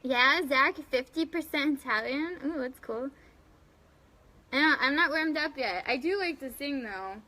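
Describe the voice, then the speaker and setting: A woman's voice: high voice, expressive, measured pace, pushed and bright. A young woman hosting a casual live stream, chatting loosely and giggling as she answers viewers by name. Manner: loose and rambling with fillers. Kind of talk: casual live chat reading viewer comments.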